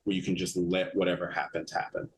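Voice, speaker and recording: A man's voice: low voice, little pitch movement, quick pace, slight background noise, rough recording. A man joining a casual podcast discussion as a guest, speaking in a reflective, thoughtful way with frequent "like"s. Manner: reflective, thoughtful, uses "like" often.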